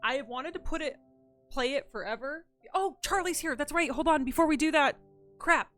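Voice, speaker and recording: A woman streams a game from home and jokes along with her chat in a bright, forceful voice that sits a little high. She talks casually and playfully, and faint music plays behind her. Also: normal speed. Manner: playful, joking, animated.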